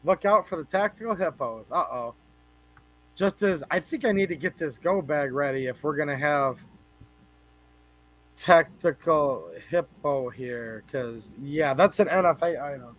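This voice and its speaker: A man's voice: a little high, measured pace, a bit bright, poor audio. A man hosting a casual livestream, chatting with viewers and greeting them by name in a rambling, joking way. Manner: chatty, rambling, jokes with chat. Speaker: livestream host.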